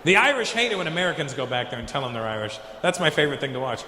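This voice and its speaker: A man's voice: mid-range voice, animated, rapid-fire, few pauses, reverberant, long reverb tail, noisy background. A man doing a stand-up routine, brash and profane in his storytelling. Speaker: stand-up comedian.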